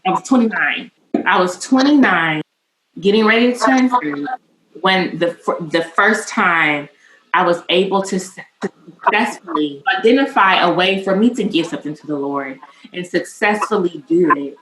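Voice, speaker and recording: A woman's voice: fairly low pitch, moderate pace. A woman in her mid-thirties, co-hosting a podcast, telling a candid personal story with emotion and free cussing. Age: 30s. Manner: emotional, cusses freely, animated. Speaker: podcast co-host. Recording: echoey room with faint noise.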